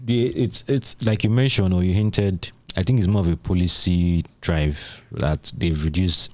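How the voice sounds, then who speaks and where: Male podcast host, very low pitch, dry sound, casual questioner. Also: steady tone, unhurried, no echo. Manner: questioning, playful asides. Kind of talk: casual tech discussion.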